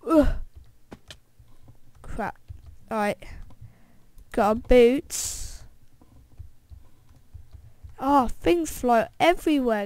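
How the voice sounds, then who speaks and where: A woman with a fairly high voice narrates her gameplay for viewers, reacting aloud to every setback and win. She talks at an unhurried pace, and the sound is dry and close. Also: clean tone, dry recording. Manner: excitable, reacting aloud to the game; talks straight to viewers as guys. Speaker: gameplay video host. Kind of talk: let's-play gameplay commentary.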